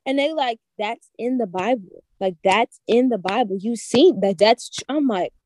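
Earnest young woman, halting testimony. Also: fairly high pitch, darkish tone, a little hiss or hum. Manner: earnest, halting, repeats herself. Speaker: guest sharing a vision. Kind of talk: casual testimony.

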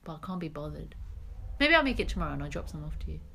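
A woman's voice: sits low, very animated, very fast, vocal fry, sharp tone. A woman co-hosting a podcast, chatting casually and giggling as she goes. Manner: laid-back, giggly, chatty. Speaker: podcast co-host. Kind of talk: casual chat.

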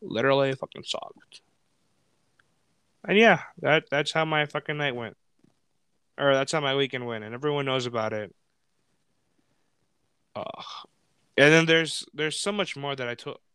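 A man's voice: medium pitch, measured pace, long pauses, bright, forceful tone, smooth, dry recording. A man in his twenties hosting a podcast, telling a rambling story in casual chat, swearing often and filling with "like". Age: 20s. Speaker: podcast host.

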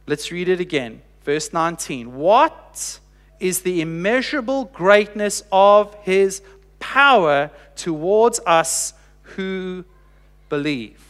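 A man preaching a sermon, telling a story earnestly with slow, emphatic pauses and dropping quiet for quoted lines. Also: sits high, animated. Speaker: pastor. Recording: long reverb of a large hall.

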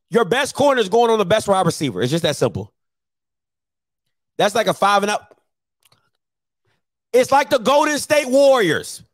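High-voiced man arguing football heatedly. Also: no echo. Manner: argumentative, insistent, repeats points. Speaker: sports talk show panelist. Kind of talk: heated sports debate.

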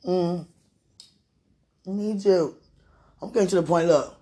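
Slightly slow, with long pauses, this woman's lowish, mellow voice carries a casual monologue that slips into prayer. She's chatty, laughs frequently and repeats phrases, and she's hungry with heartburn.

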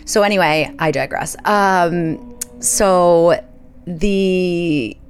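A woman's voice: on the low side, drawn-out words, smooth, faint music behind. A woman in her thirties hosting a podcast, telling a story in a chatty, dramatic way and acting out the people in it. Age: 30s. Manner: chatty, dramatic, acts out quoted voices. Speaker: podcast host. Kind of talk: casual solo podcast storytelling.

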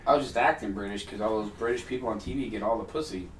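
A man's voice: fairly low pitch, fast, a little hiss or hum. Needling young man, distant and echoey. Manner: crude, needling joker. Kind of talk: casual group chat.

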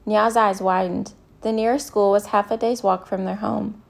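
A woman reading a novel aloud as an audiobook narrator, calm and measured. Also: medium pitch, gravelly. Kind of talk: scripted narration.

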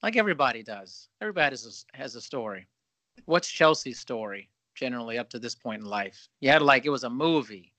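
A man's voice: mid-range voice, expressive, brisk, bright, forceful tone, dry recording. A man hosting a podcast, chatting casually, joking and riffing in long run-on thoughts. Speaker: podcast host. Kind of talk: casual interview chat.

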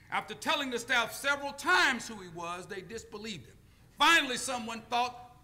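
Male preacher, high bright voice, storytelling sermon with call-and-response. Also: lively intonation. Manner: call-and-response, deliberate pauses.

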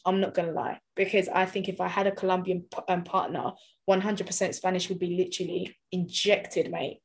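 A woman's voice: on the low side, little pitch movement, moderate pace. A woman in casual chat, talking animatedly and laughing often.

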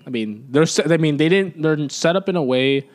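A man co-hosting a podcast, chatting casually about basketball and swearing freely. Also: on the high side. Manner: fast, animated, swears casually. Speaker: podcast co-host. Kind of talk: casual sports chat.

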